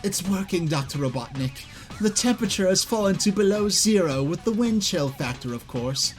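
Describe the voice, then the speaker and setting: A man's voice: sits high, expressive, normal speed, soft background music. A man voicing a fawning male henchman from a comic, reporting to his uncle.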